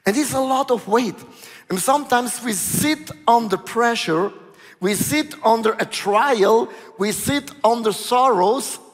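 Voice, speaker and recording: A male pastor preaching a sermon, telling stories in an animated way with dramatic pauses. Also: very high voice, in a large hall.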